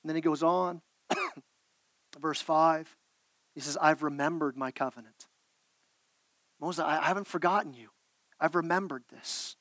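A man's voice: on the high side, steady tone, moderate pace, long pauses, a bit bright, no room sound. A man preaching a sermon as pastor, earnest, with repeated words and restarts.

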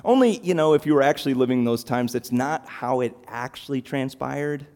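A man preaching a sermon, animated and emphatic, throwing out rhetorical questions. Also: medium pitch, moderate pace.

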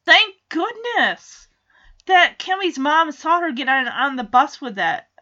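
A woman's voice: high-pitched, expressive, slow pace, bright, forceful tone, muffled recording. A woman in casual recap chat, chatty and giggly, acting out character lines as she goes. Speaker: TV show recapper.

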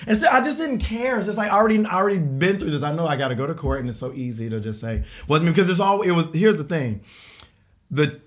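A man in his forties tells a long personal story in casual talk on a podcast panel, animatedly acting out the voices of the people involved and laughing as he goes. He has a fairly high-pitched voice and a quick pace.

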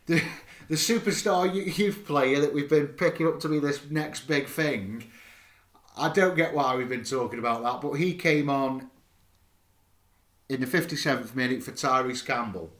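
A man's voice: mid-range voice, moderate pace, fairly bright tone, echoey room. A man co-hosting a casual football fan chat, blunt and exasperated as he rates the players. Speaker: podcast co-host.

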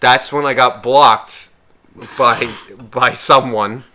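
A man's voice: medium pitch, slow pace, slight background noise. A man co-hosting a podcast, telling a bar story in casual chat, swearing a lot and acting out what others said. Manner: profane, animated, quotes others in shifting voices. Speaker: podcast co-host.

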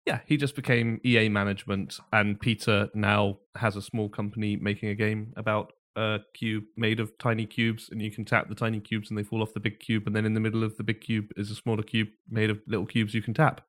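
A man's voice: lowish voice, flat delivery, brisk, hardly any pauses, a bit bright. A man co-hosting a casual podcast chat with a dry, wry, matter-of-fact manner, talking from a small room at home. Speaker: podcast co-host.

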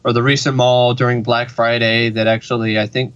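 A man's voice: medium pitch, level tone, fairly quick, fairly bright tone, clean tone, no room sound. A man co-hosting a casual podcast, talking in an easygoing, rambling way and often repeating his words. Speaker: podcast co-host. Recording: dull, dry lo-fi sound.

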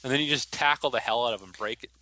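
A man's voice: medium pitch, fast, bright, forceful tone, no echo. A man co-hosting a podcast, chatting casually and asking wry, teasing questions. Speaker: podcast co-host. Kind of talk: casual chat.

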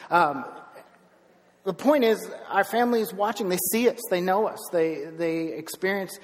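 A middle-aged man preaching a sermon as pastor, telling stories with lively bursts of emphasis. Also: high voice, normal speed, big-room sound. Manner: storytelling, animated with bursts of emphasis. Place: church sanctuary.

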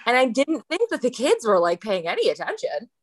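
A woman on a podcast, an elementary school teacher, chatting casually and telling lively stories. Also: a little high, fairly quick. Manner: animated storyteller, acting out voices.

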